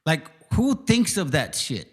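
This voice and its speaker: A man's voice: a little high, huge pitch swings, unhurried, husky. A man hosting his channel, delivering a combative, profane and mocking livestream rant. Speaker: channel host.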